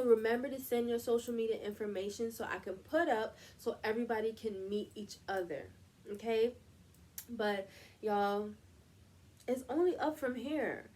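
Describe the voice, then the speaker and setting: Emphatic woman host leading affirmations. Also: fairly high pitch. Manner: repetitive, preacherly, emphatic. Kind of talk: motivational talk with affirmations.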